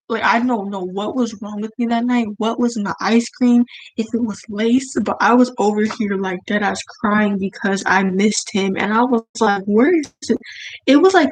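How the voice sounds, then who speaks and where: A woman's voice: on the high side, slight background noise, low-quality recording. Rambling teen girl chatting while drawing. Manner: rambling, filler-heavy, self-deprecating. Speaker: vlogger. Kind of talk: casual storytime while drawing. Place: at home, indoors.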